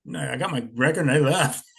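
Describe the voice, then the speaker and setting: A man's voice: on the high side, creaky, pushed and bright, slightly rough. A man in his sixties telling stories in a rambling, laid-back way, swearing often. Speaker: interviewee, punk musician. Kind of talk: casual storytelling.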